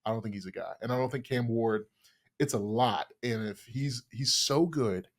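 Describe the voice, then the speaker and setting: A man's voice: mid-range voice, normal speed. A man co-hosting a casual sports podcast, emphatic and playful with his opinions. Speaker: podcast co-host.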